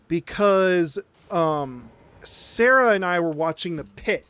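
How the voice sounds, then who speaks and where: High-voiced man telling a story. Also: takes it slowly, smooth, no echo. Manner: animated, sarcastic, profane, stammering restarts. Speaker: streamer. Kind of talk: casual storytelling.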